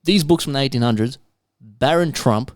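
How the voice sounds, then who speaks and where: A man's voice: mid-range voice, moderate pace, dry recording. Australian guy, podcast host, rambling and crude, dry close sound. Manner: rambling, conspiracy storytelling, swears casually. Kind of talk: casual chat.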